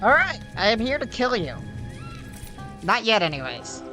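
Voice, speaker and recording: A woman's voice: a little high, sing-song, moderate pace, music in the background, poor audio. A woman streaming a video game, talking casually with dry asides and frequent swearing. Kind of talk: casual let's-play commentary.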